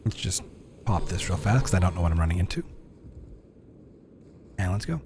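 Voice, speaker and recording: A man's voice: low voice, lively intonation, normal speed, noisy background. A young man streaming a game live, chatting in self-mocking asides as he plays. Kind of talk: live gameplay commentary.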